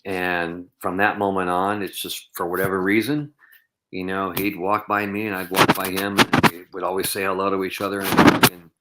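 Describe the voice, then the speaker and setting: A professional bowler appears as a guest on a podcast interview, telling long anecdotes earnestly and reflectively, full of "you know"s and "um"s. His voice is low with little pitch movement at a normal pace, and the recording is very noisy.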